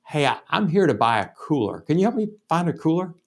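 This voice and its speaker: A man's voice: fairly high pitch, big pitch swings, gravelly. A man doing a stammering, hesitant older customer. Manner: halting, stammering.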